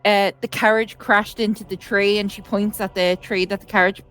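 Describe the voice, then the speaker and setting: A woman's voice: medium pitch, little pitch movement, moderate pace, a bit bright, clean tone. A woman playing a tabletop game who tells an event in character with a rambling, hesitant delivery. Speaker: player.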